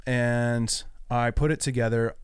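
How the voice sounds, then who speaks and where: A man working as a music producer, casually walking through how he built a remix, with a relaxed, loose way of talking. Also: medium pitch, unhurried, clean tone, dry recording, studio quality. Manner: relaxed, loose, hedging with "like" and "kinda".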